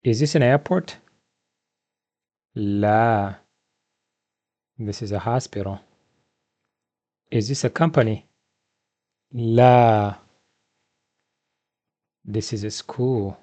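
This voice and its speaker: A man teaching a beginner vocabulary lesson from slides, asking questions and then slowly repeating each word twice. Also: on the low side, warm tone. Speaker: Arabic teacher.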